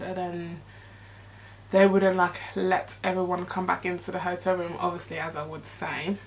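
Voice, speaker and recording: Young woman telling a rambling story. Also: lowish voice. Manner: rambling, animated storytelling with frequent "like". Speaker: vlogger. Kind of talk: storytime vlog.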